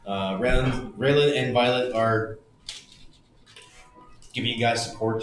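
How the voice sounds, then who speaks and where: Man, game master, casual halting narration, echoey room. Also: medium pitch, fairly even intonation. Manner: casual, hesitant, filler-heavy descriptions. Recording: roomy recording with faint music.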